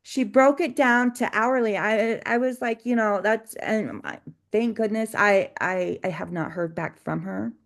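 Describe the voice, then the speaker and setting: A woman co-hosting a casual business podcast, telling work stories in a chatty, meandering way. She restarts her sentences often and keeps a steady, mid-range pitch. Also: measured pace, vocal fry. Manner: chatty storytelling with frequent restarts and laughs. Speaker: cleaning business owner, co-host.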